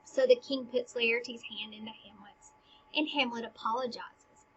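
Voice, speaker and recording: A woman's voice: fairly high pitch, fairly even intonation, unhurried, slight background noise. A woman retelling a play scene by scene in a casual teaching style, paraphrasing the lines in modern slang and often dropping to a whisper. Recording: dull lo-fi recording.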